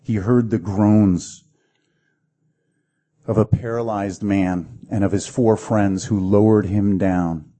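A man's voice: on the low side, steady tone, slow pace, mellow. A man preaching a sermon with dramatic delivery, acting out the voices in the stories he tells. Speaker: pastor.

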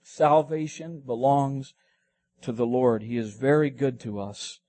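A man's voice: mid-range voice, unhurried, dark tone. A man preaching a sermon, reading scripture and explaining it, rising emphatically on key lines.

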